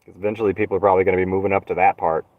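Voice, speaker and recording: A young man rambling on a solo live stream from his van, sarcastic and swearing, with dark jokes. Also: deep voice, flat delivery, rapid-fire, dry recording, narrow, tinny audio. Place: inside a van. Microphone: phone.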